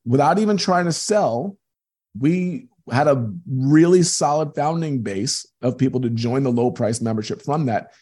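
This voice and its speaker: A man's voice: fairly high pitch, darkish tone, slightly rough. A man being interviewed as a guest, telling earnest, emphatic stories about his business. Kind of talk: conversational interview.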